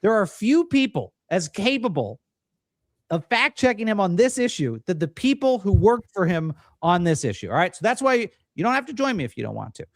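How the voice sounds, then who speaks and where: Male political host for a livestream, animated and mocking, dry voice, lots of pitch movement. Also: brisk, no room sound.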